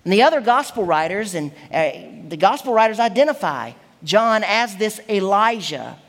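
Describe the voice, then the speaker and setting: A woman preaching a sermon, teaching in an emphatic, expressive way. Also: mid-range voice, normal speed. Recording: long hall reverb.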